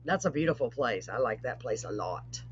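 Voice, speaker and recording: A woman hosting a live online show, chatting casually with rambling asides and warm blessings. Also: rumbling low, expressive, moderate pace, slight background noise. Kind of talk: casual live-stream chat. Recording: dull lo-fi stream audio.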